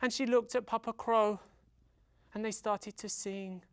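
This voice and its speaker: A man telling a folktale to children in a theatrical way, with dramatic pauses and sound effects. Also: sits high, steady tone, smooth, no room sound, studio quality. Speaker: storyteller.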